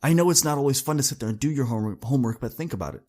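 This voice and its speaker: A man's voice: medium pitch, very animated, rapid-fire, hardly any pauses, darkish tone, husky. Upbeat young man giving a pep talk. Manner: earnest, upbeat, calls listeners "y'all". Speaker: podcast host. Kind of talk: motivational podcast monologue.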